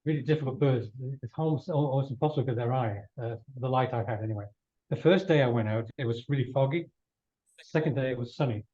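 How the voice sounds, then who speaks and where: A man's voice: mid-range voice, fast, warm tone. A man giving a casual slide talk to a club, rambling with many restarts and losing his voice a little. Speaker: guest speaker. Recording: dull lo-fi room recording.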